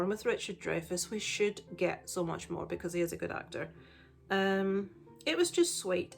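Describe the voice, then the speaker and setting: Woman, film vlogger, candid chatty delivery, soft music behind. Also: medium pitch. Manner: chatty, candid, frequent "um" fillers. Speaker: film reviewer. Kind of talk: casual vlog review.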